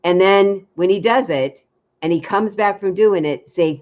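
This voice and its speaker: A woman dating coach giving frank, lively advice in a casual chat, acting out little quotes. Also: lowish voice, a little slow, highs cut off.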